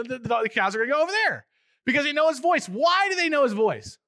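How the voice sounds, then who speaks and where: A male pastor preaching a conversational sermon, animated and acting out little voices as he goes. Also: very high voice, fast talker, no echo, clean studio sound.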